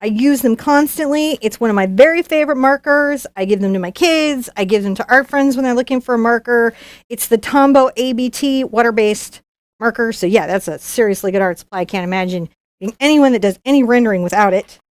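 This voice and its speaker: A woman's voice: fairly high pitch, dry recording, clean studio sound. A woman, a professional artist, hosting a live unboxing, chatting in a bubbly, gushing way. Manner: bubbly, gushing, quick bursts of excitement. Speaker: professional artist and YouTube host.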